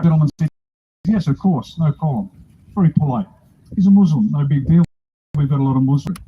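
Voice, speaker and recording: A man's voice: medium pitch, breathy edge, lo-fi sound. An older man with an Australian accent, giving a blunt, rousing, joking speech at an outdoor rally. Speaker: political speaker at a rally.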